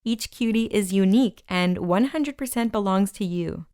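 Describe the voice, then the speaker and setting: A woman hosting a community podcast, reading a weekly roundup of announcements and long lists in a brisk scripted way. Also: medium pitch, warm tone, smooth, dry recording, clean studio sound. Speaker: podcast host.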